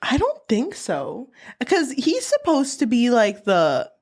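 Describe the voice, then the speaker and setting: Woman book-podcast co-host, slightly high voice, blunt and chatty. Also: huge pitch swings, slow pace, darkish tone. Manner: chatty, blunt, swears freely. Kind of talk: casual chat.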